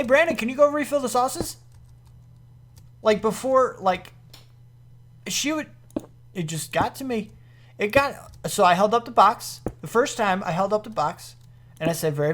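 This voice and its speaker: A man telling a long personal story while playing a game on his channel, animated and full of restarts, into a desk microphone at home. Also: sits high, slight background noise. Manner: rambling, animated anecdote with many restarts. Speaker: gaming YouTuber.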